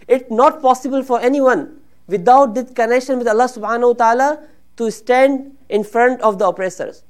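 High-voiced woman giving an earnest sermon. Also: darkish tone. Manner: earnest, rises and grows emotional when voicing supplications. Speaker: religious speaker.

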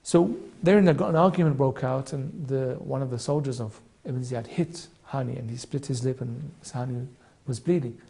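A man's voice: mid-range voice, moderate pace, vocal fry, few pauses, warm tone. A man narrating a historical story in a conversational way.

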